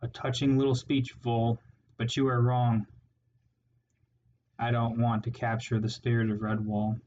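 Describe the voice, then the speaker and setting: A man's voice: mid-range voice, completely flat delivery, a little slow, darkish tone, lo-fi sound, a little hiss or hum, natural voice. A man voicing a cruel, arrogant male rat warlord in a storybook reading, sneering and menacing. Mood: cold contempt.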